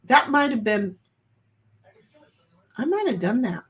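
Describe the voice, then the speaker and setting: A woman streams on her own from home and talks to her chat in an easy, unhurried way. Her voice sits a little high, and she drifts from one thought to the next. She is playfully confused and quick to laugh at herself. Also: sing-song. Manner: rambling, self-deprecating, playfully confused. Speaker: livestream host chatting with viewers. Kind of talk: casual chat reading out viewer comments.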